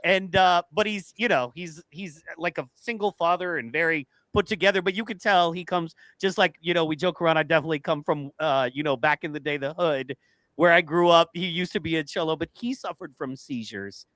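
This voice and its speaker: Male podcast co-host, earnest and heartfelt, bright edgy tone, dry close sound. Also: a little high, a little fast, dry recording. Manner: earnest, heartfelt, repeats himself. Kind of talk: casual chat.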